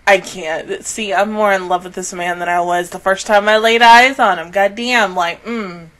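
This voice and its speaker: A woman giving casual reaction commentary on an anime episode, excitable, swearing often and laughing between lines. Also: mid-range voice, normal speed.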